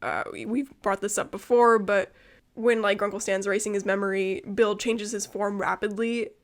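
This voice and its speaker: A young woman co-hosting a podcast, chatting excitedly, swearing freely and laughing often. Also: mid-range voice, normal speed. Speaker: podcast co-host. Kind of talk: casual chat.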